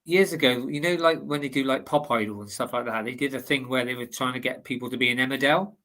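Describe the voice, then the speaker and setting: A man with a soft Bristolian accent co-hosts a casual online chat, telling stories in a light, offhand way. His voice sits at an ordinary middle pitch. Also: quick pace. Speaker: co-host.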